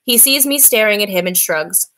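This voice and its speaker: A woman's voice: medium pitch, lively intonation, moderate pace, pushed and bright. Woman reading a novel aloud. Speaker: reader.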